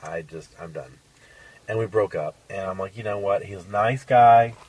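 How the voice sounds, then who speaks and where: A fairly low male voice tells a crude personal story in loose, swearing podcast chat. He sits a bit back from the mic. Faint noise and clicks run underneath. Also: normal speed, distant mic, poor audio. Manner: crude, animated, acts out quotes.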